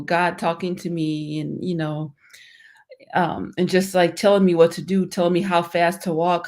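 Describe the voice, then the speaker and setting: Earnest woman with a lowish voice. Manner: earnest, rambling, many fillers and restarts. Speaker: life and motivational coach, guest. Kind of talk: personal survival story told in conversation.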